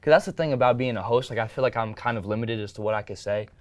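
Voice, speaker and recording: A man's voice: mid-range voice, rapid-fire, no echo. Upbeat teen guy talking with his mouth full. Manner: upbeat, rambling, eats while talking. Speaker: student guest, upcoming event host. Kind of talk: casual chat interview.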